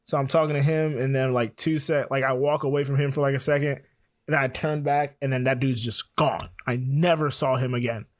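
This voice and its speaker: A man from Florida, a guest on a podcast, telling a long story in easy, casual talk. His voice sits at a middling pitch, and he drops into the lines of the people he describes. The sound is dry and close, with little room around it. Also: fairly even intonation, a little fast, no echo. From Florida, USA. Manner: laid-back, laughs often, acts out dialogue.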